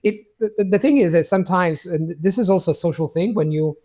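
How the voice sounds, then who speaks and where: Male coach, casual talk, animated, stammers and restarts. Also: sits high, quick pace. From Italy. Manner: animated, stammering restarts, acts out quoted speech. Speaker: language coach and host. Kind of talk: casual conversation.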